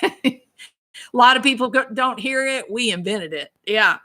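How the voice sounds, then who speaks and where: A woman's voice: fairly high pitch, unhurried, sharp tone. A Southern woman hosting a livestream, talking straight to commenters by name in an emphatic, indignant way. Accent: Southern American. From American South. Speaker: YouTube channel host reading live chat. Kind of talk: casual livestream chat.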